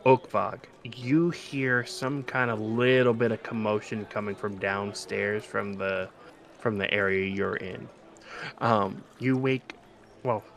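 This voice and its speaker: A man's voice: on the low side, vocal fry, a bit bright, a little hiss or hum. A man narrating a tabletop game as game master, laid-back with many fillers.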